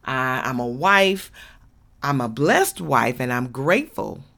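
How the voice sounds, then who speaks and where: A woman's voice: a bass voice, expressive, slow, creaky, fairly bright tone. A woman, hosting an inspirational podcast and talking candidly and folksily straight to her listeners. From Georgia, USA. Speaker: podcast host.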